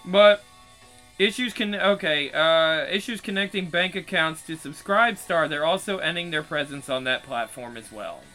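A man's voice: a little high, moderate pace, sharp tone, soft background music, poor audio. A man hosting his channel in casual, profane commentary, rambling with frequent restarts. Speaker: channel host.

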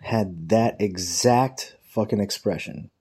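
Slow-paced, with a fairly low, dark and breathy voice, a man tells a profane, rambling tale from his workplace. He casually mocks his coworkers by quoting them in put-on voices.

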